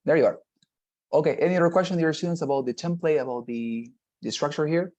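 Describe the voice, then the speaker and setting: A man's voice: on the high side, fast, darkish tone. A man teaching an online exam-prep class over a video call, explaining at length and checking in with the students. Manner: explanatory, repeats "nonetheless" and "right?".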